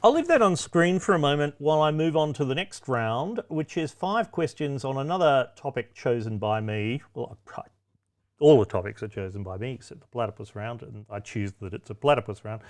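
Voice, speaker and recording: A man runs a pub-style quiz, his voice rising and falling with animated energy as he reads out the questions. He slips in deadpan jokes and mock insults between them. He often stops mid-sentence to rephrase with a quick "uh". His pitch sits in an ordinary middle register. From Australia. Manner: sardonic, with wry, cheeky asides; chatty, with frequent ums and self-corrections. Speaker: quiz host.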